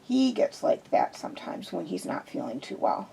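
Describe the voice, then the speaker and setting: Woman voicing big gentle man, soft-spoken, fan fiction reading, mellow, husky. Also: lowish voice, big pitch swings, moderate pace, exaggerated voice, low-quality recording. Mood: soothing. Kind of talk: fan fiction read aloud.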